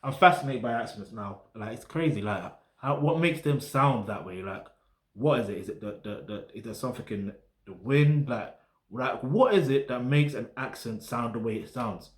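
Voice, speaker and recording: A man's voice: medium pitch, lively intonation, moderate pace. Chatty South London man, roomy echo. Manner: rambling, full of slang tags like "get me" and "yeah". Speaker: music reaction host. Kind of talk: casual talk to camera, reviewing music. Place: flat in a residential block.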